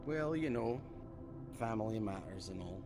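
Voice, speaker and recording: Calm, probing man with lively pitch. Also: noisy background. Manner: calm, probing, drawn-out murmured agreement. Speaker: streamer roleplaying a gang leader. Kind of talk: in-character roleplay dialogue. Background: background music.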